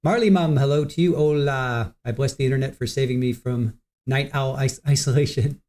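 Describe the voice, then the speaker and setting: A middle-aged man hosts a livestream, chatting casually, greeting viewers by name and laughing easily. His voice sits at a medium pitch with a darkish tone, and he talks at a normal speed.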